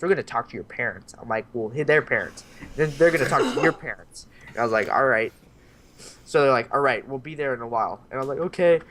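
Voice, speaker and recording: A young man casually telling a story on a podcast, acting out the voices of the people in it and swearing freely. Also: mid-range voice. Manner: animated, acts out voices in his stories, swears freely. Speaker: podcast host.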